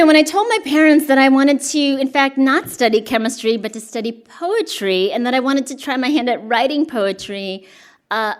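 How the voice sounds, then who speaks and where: A woman poet at a live reading, reading poems and telling self-deprecating stories between them, laughing and chatty, with many fillers. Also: fairly high pitch. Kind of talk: poetry reading with spoken storytelling between poems.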